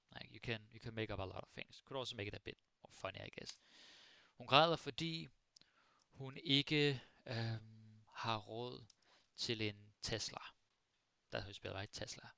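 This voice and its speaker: A man teaching Danish in a relaxed live lesson, playfully mixing Danish and English with silly example sentences, recorded on a close microphone. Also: lowish voice, gravelly, dry recording. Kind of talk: casual live-stream language lesson.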